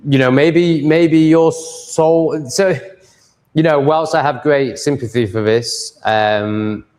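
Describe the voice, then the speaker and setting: A man talks loosely on a livestream, drifting from thought to thought and reading out viewers' comments before replying to them. His voice sits at an ordinary middle pitch for a man. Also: fairly even intonation, takes it slowly. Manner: rambling, chatty, reads viewer comments aloud and answers them. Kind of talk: casual livestream chat.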